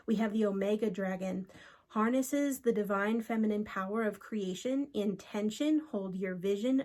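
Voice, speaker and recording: A woman reads cards for her viewers in an earnest, unhurried way. She pauses to call out to unseen spirits before she goes back to the cards. Her voice sits at an ordinary middle pitch. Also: darkish tone. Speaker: spiritual card reader. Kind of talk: solo channeled card reading.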